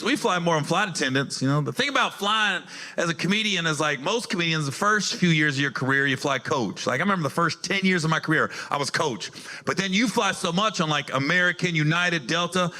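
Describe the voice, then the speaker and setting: On a club stage, a male stand-up comedian tells stories in a casual, profane, conversational way. His voice is high-pitched, pushed and bright.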